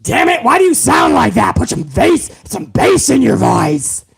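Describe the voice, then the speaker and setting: A man doing an impression of a gruff older wrestling boss who shouts at his son-in-law in exasperation. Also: very high-pitched, big pitch swings, a little slow, voice pushed up, heavily acted. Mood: exasperated.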